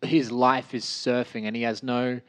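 A man's voice: medium pitch, level tone, normal speed, fairly bright tone, smooth. An Australian man co-hosting a podcast, rambling and joking with frequent laughs in casual chat. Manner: rambling, jokey, laughs often. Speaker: podcast co-host.

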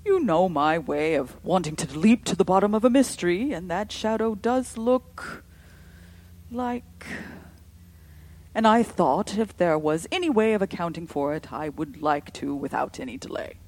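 A woman voicing a brusque, restless man who talks in a loud, emphatic way. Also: fairly low pitch, animated, a little slow. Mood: breezy.

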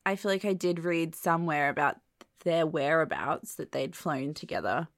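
A woman, co-hosting a casual chat with quick, wry storytelling. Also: sits low, dry recording, studio quality. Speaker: podcast co-host.

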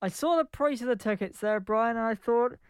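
A man's voice: very high-pitched, fairly quick, creaky. A man voicing a rambling football fan who moans only at big games. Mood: grumbling. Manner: rambling, complaining. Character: grumbling male football fan, fair-weather moaner.

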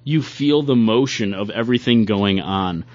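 A man co-hosting a podcast, talking haltingly about comic art and repeating words as he searches for them. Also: fairly low pitch, dry recording. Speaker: podcast co-host. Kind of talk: casual comic book discussion. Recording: dull lo-fi podcast audio.

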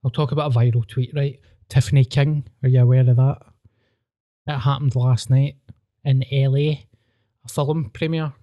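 A man's voice: medium pitch, steady tone, normal speed, long pauses, dark tone, no room sound, lo-fi sound. A Glaswegian man in his thirties, hosting a podcast with sweary, rambling storytelling in casual chat. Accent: Scottish, Glasgow. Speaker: podcast host.

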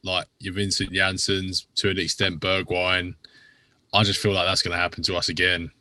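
A man co-hosting a casual football podcast, blunt in his opinions and quick with short interjections. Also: low voice, level tone, bright, forceful tone, dry recording. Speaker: podcast co-host.

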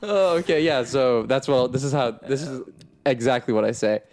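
A man's voice: medium pitch, moderate pace, a crowd in the background. A man co-hosting a comedy podcast, riffing playfully through rambling stories. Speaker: podcast co-host. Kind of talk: improvised comedy banter.

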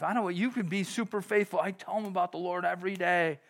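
A middle-aged man preaching a sermon in a fairly high voice. He talks to the congregation like a friend, then breaks into sudden loud bursts. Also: fast, few pauses. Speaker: pastor.

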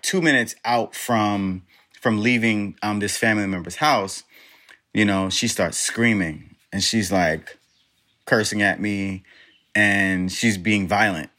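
A middle-aged man telling an animated, self-deprecating story, full of fillers. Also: on the low side, a little slow. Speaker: father recounting a birth. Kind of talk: storytelling interview.

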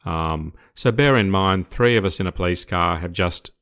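A man's voice: deep voice, normal speed, a bit bright, clear, resonant tone. An older man from Australia, a retired police officer, telling a story in casual conversation, hesitant with repeated words but growing vivid. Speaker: retired police officer recounting his career.

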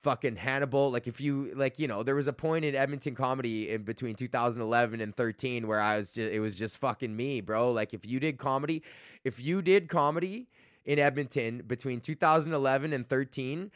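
A man's voice: medium pitch, fairly quick, dry recording, clean studio sound. A man in his thirties from Canada hosting a casual solo podcast, rambling and swearing freely, poking fun at himself and laughing often. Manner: rambling, profane, self-mocking, laughs often. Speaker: podcast host and comedian.

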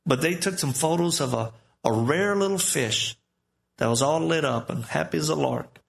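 Gravelly man preaching a sermon. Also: a little high, animated, normal speed. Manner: conversational storytelling preaching. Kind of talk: live sermon.

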